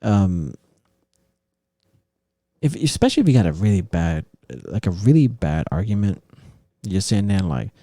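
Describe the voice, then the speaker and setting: Man, podcast host, casual rant, heavy swearing, animated pitch, gravelly. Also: normal speed, pauses often, no echo, clean studio sound. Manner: swears constantly, animated, restarts often. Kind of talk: casual opinion talk.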